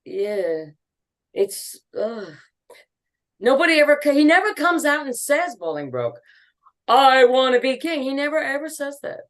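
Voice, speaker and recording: Lively, expressive woman on a call. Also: sits high, moderate pace. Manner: expressive, effusive, sighing. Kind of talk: casual video call chat. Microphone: video call.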